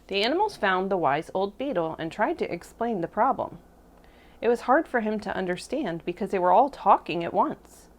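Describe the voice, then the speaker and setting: A woman teacher reads a storybook aloud to little kids, her pitch swooping up and down as she brings each animal to life. Her voice sits in a middle register, gentle and clear, and she speaks in a warm, encouraging classroom manner. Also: moderate pace. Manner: expressive, lively voices for animals. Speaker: preschool teacher. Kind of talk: children's storybook read-aloud.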